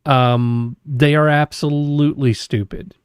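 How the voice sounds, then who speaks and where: A man's voice: medium pitch, fairly even intonation, measured pace, clear, resonant tone, no echo, studio quality. A man chatting casually on a stream, matter-of-fact as he explains things. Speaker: stream guest, former game master. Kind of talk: casual chat.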